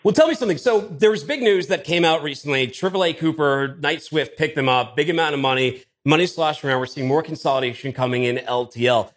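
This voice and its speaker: A man's voice: fairly high pitch, fast talker, few pauses. A man hosting an interview, asking long questions in a folksy, casual way. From Boston area. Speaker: podcast host.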